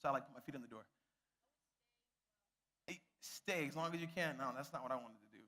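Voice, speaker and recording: Animated, bright-voiced young male youth pastor. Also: medium pitch, a little fast. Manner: animated, self-mocking, addresses the crowd directly. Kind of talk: storytelling youth talk.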